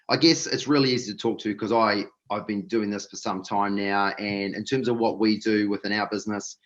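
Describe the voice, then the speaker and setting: A man's voice: fairly low pitch, highs cut off. A man with a New Zealand accent, a corporate wellness expert, talking in an easygoing, upbeat and slangy way as a podcast guest. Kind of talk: casual podcast interview.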